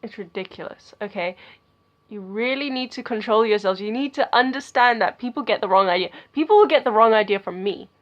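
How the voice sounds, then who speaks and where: A young woman vlogging, telling a story in a chatty, animated way that gets loud and giggly, with lots of "like" and "okay.". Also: on the high side, brisk, muffled recording. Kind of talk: casual storytelling to camera.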